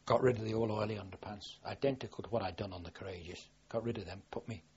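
A man's voice: lowish voice, steady tone, fast talker, a little hiss or hum. An older man from southwest England, a war veteran, recalling his experiences in a rambling, plain-spoken way full of restarts. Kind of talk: oral history recollection. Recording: dull lo-fi archive recording.

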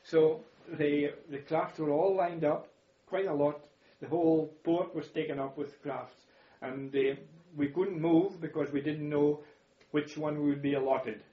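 A man's voice: fairly high pitch, steady tone, measured pace, hardly any pauses. Old guy telling war stories, chuckles a lot, roomy echoey sound, kinda muffled. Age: older. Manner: chuckles and repeats words while recounting. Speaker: interviewee, war veteran. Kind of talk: reminiscing storytelling. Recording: echoey room, slightly dull audio.

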